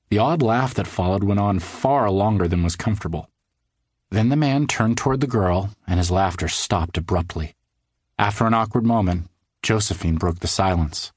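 A man narrating a children's audiobook in a studio, measured storytelling that slows for suspense. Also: on the low side, slightly rough, dry recording. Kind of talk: scripted narration of a children's book.

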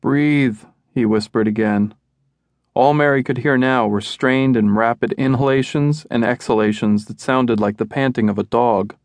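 A man reading a true-crime audiobook in a measured, dramatic way, close to the mic. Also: mid-range voice, fairly even intonation, dry recording. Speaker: audiobook narrator. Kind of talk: scripted true-crime narration. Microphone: close studio mic.

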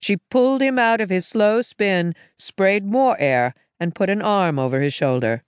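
A woman narrating a science fiction audiobook in a measured, even storytelling manner. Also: medium pitch, clean tone, no room sound, studio quality.

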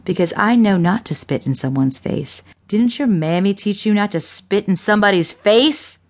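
A woman's voice: medium pitch, lively intonation, normal speed, darkish tone, lightly acted. Woman playing a vicious foul-mouthed femme fatale. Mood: menacing. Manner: cursing, taunting, contemptuous.

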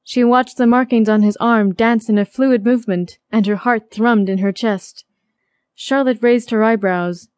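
A woman reading a contemporary romance audiobook aloud, her voice fairly high. The sound is close and completely dry, like a treated booth, and her storytelling is steady and even. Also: a little slow, dry recording. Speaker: audiobook narrator. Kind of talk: scripted narration.

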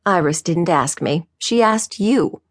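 A woman's voice: fairly low pitch, expressive, slow, no room sound, clean studio sound. A woman doing a wry, unflappable lady sleuth. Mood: teasing. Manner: wry and teasing.

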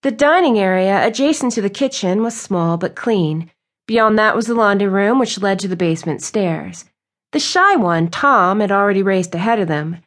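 A woman reading a romance novel aloud as an audiobook narrator. Her storytelling is smooth and even. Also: medium pitch, moderate pace. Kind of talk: scripted narration.

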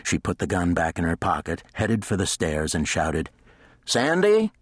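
Deep, husky male audiobook narrator. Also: fairly even intonation, moderate pace, no echo, studio quality. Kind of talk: scripted narration.

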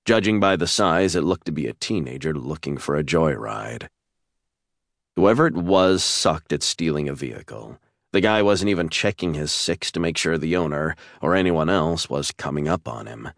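Very deep-voiced male audiobook narrator. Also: expressive, normal speed, creaky, dry recording, clean studio sound.

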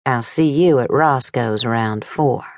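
A woman voicing a sly, teasing female friend in an audiobook, speaking in a wry, unhurried way. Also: a bass voice, darkish tone, dry recording, clean studio sound, voice pushed down.

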